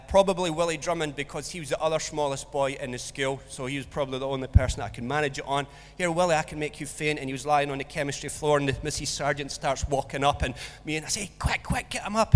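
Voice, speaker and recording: A man preaching a sermon, telling a school story with acted-out voices. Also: a little high. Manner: storytelling, animated, acts out voices in anecdotes. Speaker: pastor. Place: church hall. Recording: long church hall reverb.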